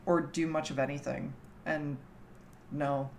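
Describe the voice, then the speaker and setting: A woman's voice: low voice, flat delivery, unhurried, a little mellow, slight background noise. A young woman from Canada chatting casually with her livestream chat from home, teasing and laughing often. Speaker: streamer.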